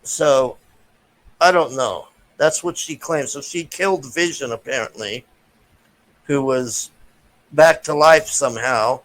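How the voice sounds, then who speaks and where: A man's voice: mid-range voice, slow pace, fairly bright tone, rough recording. A man giving a casual, profane, frustrated rant as a movie reviewer, with many restarts.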